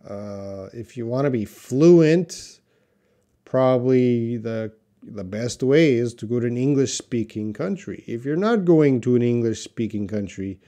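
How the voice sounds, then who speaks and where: A middle-aged man hosting a live English lesson, reading chat comments aloud and modelling words slowly. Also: mid-range voice, lively intonation, warm tone.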